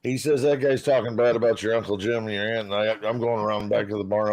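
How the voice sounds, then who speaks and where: A man's voice: on the low side, brisk, darkish tone. A man telling a long, rambling, profane story in casual talk on a live stream panel.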